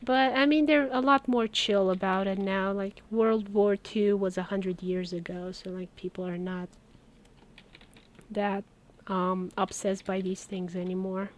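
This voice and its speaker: Steady in tone, unhurried, and medium in pitch, this Romanian woman is chatting on a live stream while she works. Her talk is chatty storytelling, dotted with little laughs between words.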